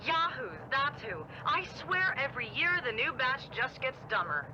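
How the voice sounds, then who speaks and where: A woman's voice: high voice, big pitch swings, normal speed, muffled recording, background noise. An actress voicing a scornful adult woman rival storm chaser in a video game, sarcastic and scolding.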